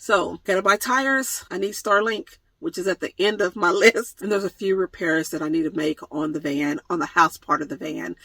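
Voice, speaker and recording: A woman's voice: mid-range voice, moderate pace, bright, forceful tone, no echo, poor audio. A woman vlogger answering viewer questions in a casual chat, playful and laughing often, with mock-dramatic jokes, filmed on a phone camera. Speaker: van life vlogger. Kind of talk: casual Q&A vlog.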